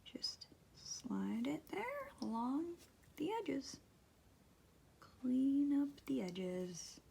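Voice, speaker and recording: A middle-aged woman giving a casual nail tutorial at home, talking slowly and softly, often dropping to near-whispers. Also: high voice, animated, gravelly, a little hiss or hum. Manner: slow, soft-spoken, drops to near-whispers. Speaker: beauty vlogger. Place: home, at a table.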